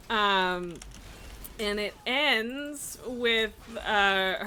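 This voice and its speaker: A woman's voice: medium pitch, pushed and bright, a little hiss or hum. A woman streaming a game, chatting casually, laughing often and swearing freely. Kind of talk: casual chat while gaming.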